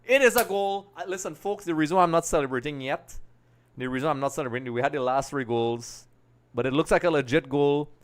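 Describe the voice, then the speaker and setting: A man's voice: mid-range voice, fast, slight background noise. A middle-aged man hosting a live football watch-along stream, chatting to viewers by name and reacting to the match. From Trinidad and Tobago. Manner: chatty, greets viewers by name, excitable over goals.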